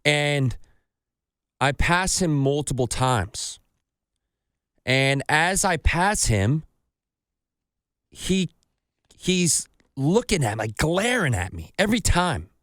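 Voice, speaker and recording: A man's voice: on the high side, slow, long pauses, no room sound. Swearing man telling a story, dry mic. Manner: animated storytelling, acts out voices of others, swears freely. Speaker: podcast host. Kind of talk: casual podcast chat.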